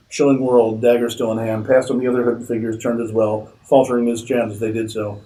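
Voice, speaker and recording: A man, an author, reading his own fiction aloud at a convention in a steady narrating manner. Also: medium pitch, brisk, hardly any pauses, rough recording.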